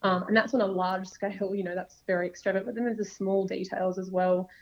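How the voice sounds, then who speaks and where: Young woman guest, earnest and rambling, monotone, slightly muffled lo-fi sound. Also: medium pitch. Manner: earnest, rambling, quick bursts. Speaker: podcast guest. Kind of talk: casual faith conversation. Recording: dull lo-fi sound.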